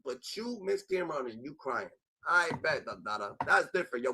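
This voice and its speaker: Man, ranting commentary, husky, very bright tone, animated, profane. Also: a little high, fairly quick, rough recording. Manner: animated, profane, filler-heavy.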